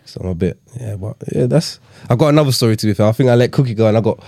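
A man in a relaxed podcast chat keeps chiming in with quick agreement and often says the same phrase several times. He talks at a fast clip, with his words tumbling out. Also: on the low side, gravelly, no echo. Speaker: podcast co-host or guest, footballer. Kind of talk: casual chat.

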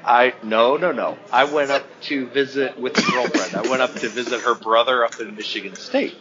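A man's voice: mid-range voice, steady tone, normal speed, crowd noise. A man co-hosting a podcast, telling a story in casual chat and laughing along the way. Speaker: podcast co-host. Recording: dull lo-fi audio.

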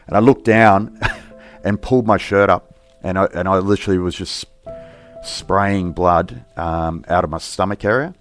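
A middle-aged police officer tells a personal story during an interview, speaking haltingly, reflectively and plainly. His voice is low-pitched, with soft music in the background.

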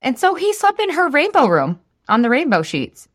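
A woman's voice: sits high, huge pitch swings, normal speed. A woman in her thirties hosting a casual solo podcast, chatty and full of "like", laughing at herself. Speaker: podcast host.

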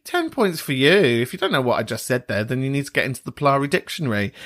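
A man's voice: mid-range voice, very animated, brisk, few pauses, fairly bright tone. A man hosting a podcast in a camp, gossipy manner, sprinkling in slang and teasing asides. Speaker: podcast host. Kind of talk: casual chat.

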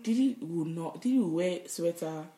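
Woman chatting animatedly, low voice, roomy sound. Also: normal speed. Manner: animated storytelling, swears and laughs often. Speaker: podcast co-host. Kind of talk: casual chat. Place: Edmonton, Alberta, Canada.

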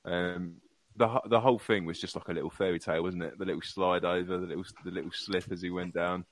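A man's voice: low voice, steady tone, fast talker, a little hiss or hum. A man chatting as a guest on a fan podcast, hesitant with many ums. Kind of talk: casual fan podcast chat.

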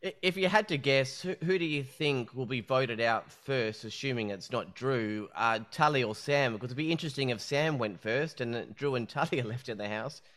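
A man's voice: medium pitch, moderate pace, hardly any pauses, a bit bright. A man hosting a casual interview, playful and gossipy, often stumbling over his words as he asks questions. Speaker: podcast host.

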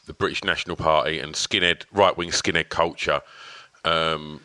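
Deep-voiced man hosting a podcast. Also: steady tone, normal speed, pushed and bright, smooth, no room sound. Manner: hesitant, many restarts. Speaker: podcast host. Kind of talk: casual interview chat.

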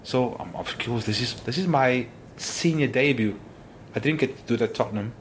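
Ex footballer guy chatting in an interview, lively, keeps going "oh my goodness", bit of background hiss. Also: mid-range voice, moderate pace. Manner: animated, exclaims often, restarts sentences. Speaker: interview guest, former footballer. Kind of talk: casual interview storytelling.

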